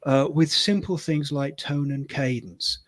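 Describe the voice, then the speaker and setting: A man's voice: a little high, a little slow, no room sound. A man chatting on a tabletop gaming panel, thoughtful and self-deprecating, with lots of agreeing murmurs. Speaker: podcast co-host. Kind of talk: casual panel discussion.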